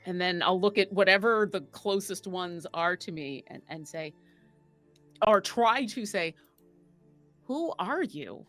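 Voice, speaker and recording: Excited woman playing a tabletop game. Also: fairly low pitch, a little slow, soft background music. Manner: excited, laughing, talks through her character's actions. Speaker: player. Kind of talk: casual in-character play.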